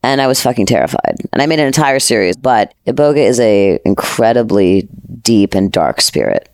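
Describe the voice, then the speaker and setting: A woman podcast host telling a story in casual chat, animated, dramatic and profane. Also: extremely low pitch, normal speed, vocal fry, no room sound.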